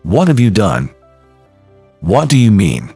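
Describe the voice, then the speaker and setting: A man's voice: on the low side, wildly swooping pitch, slow, mellow, husky, no room sound, soft background music, exaggerated voice. A man voicing an arrogant male sales manager who speaks nervously and falters. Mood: defensive. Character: arrogant male sales department head, rattled.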